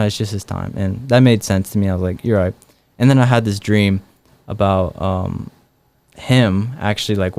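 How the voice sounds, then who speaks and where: A man's voice: fairly low pitch, smooth. A young man, a guest in an interview, telling personal stories casually with lots of "like" and "um". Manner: relaxed, many fillers like "like" and "um".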